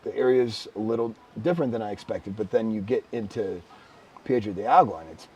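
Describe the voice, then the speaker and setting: A man co-hosting a casual podcast, telling stories with bursts of excited shouting. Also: lowish voice, fairly quick, a little hiss or hum. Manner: animated storyteller, bursts of excited shouting when retelling. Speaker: podcast co-host. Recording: slightly distant mic with faint background ambience.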